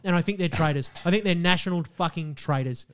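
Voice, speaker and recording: A man's voice: fairly high pitch, a little fast, smooth. Man ranting in an Australian accent. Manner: heated ranting, heavy swearing. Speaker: podcast co-host. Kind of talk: casual chat.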